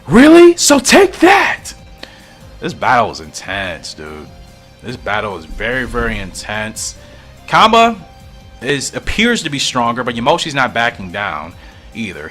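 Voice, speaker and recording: A man's voice: on the low side, expressive, normal speed, bright, forceful tone, soft background music. A man reading a fan comic aloud and thinking aloud in a musing, often puzzled way. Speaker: comic reader and reactor.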